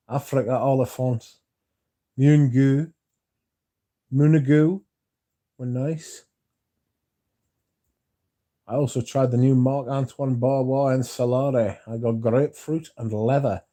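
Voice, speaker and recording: A man hosts a relaxed livestream, talking in loose, rambling asides and reading out viewer comments before answering each one. His voice is mellow and dark and sits at a middling pitch. He swears casually now and then as he chats. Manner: chatty, reads out viewer comments and answers them. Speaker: livestream host.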